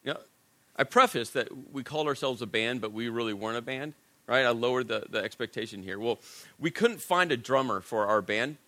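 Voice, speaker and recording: A middle-aged man preaching a sermon, telling a personal story in a conversational, self-deprecating way and dropping to a hushed voice at serious moments. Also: medium pitch, expressive, brisk. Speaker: pastor.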